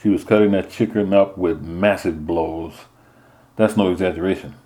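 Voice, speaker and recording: Deep-voiced male audiobook narrator. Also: fairly even intonation, moderate pace, dark tone. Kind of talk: scripted first-person narration.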